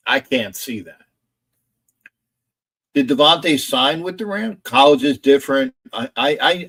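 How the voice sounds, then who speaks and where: A man's voice: medium pitch, lively intonation, unhurried, pauses often, a bit bright, husky. Rambling man streaming football talk. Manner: rambling, reads chat aloud and argues with it. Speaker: sports streamer. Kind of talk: casual live stream chat. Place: indoor home streaming setup.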